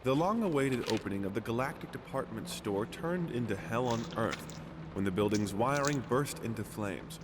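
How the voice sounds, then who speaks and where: An actor playing a formal radio news announcer reading a bulletin in a video game. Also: male voice, mid-range voice, expressive, moderate pace, big-room sound, noisy background, lightly acted. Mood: solemn.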